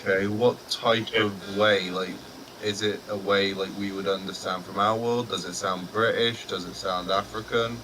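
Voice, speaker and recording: Low-voiced joking game player. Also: male voice, steady tone, noisy background. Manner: joking, quick questions. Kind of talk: casual tabletop game chat.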